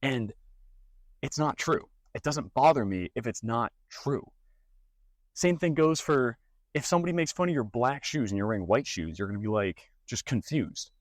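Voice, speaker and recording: A man's voice: mid-range voice, moderate pace, no echo. A young man, casually telling stories and giving advice as a content creator, acting out mocking voices. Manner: animated storytelling with mocking put-on voices. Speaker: fitness and gaming content creator. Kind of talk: casual talking-head advice.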